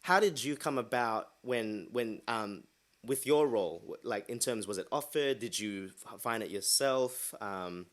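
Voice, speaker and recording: A man's voice: medium pitch, animated, a little slow. A man hosting a podcast, chatting casually and enthusiastically, often restarting his sentences. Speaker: podcast host. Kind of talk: casual interview chat.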